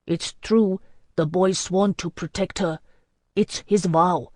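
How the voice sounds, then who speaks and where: A woman narrator playing a gruff male warrior from a storybook fantasy. He talks bluntly in clipped rustic phrases, low and plain. The read is dry, close and intimate. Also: steady tone, slow pace, a little mellow, no echo. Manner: gruff and blunt, dialect speech.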